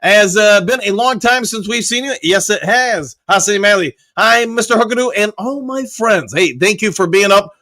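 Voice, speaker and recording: Bright, high-voiced male sports stream host. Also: expressive. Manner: chatty, reads viewer comments aloud and answers them; loose, with frequent "uh" and quick self-corrections. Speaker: livestream host. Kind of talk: casual live-chat sports talk.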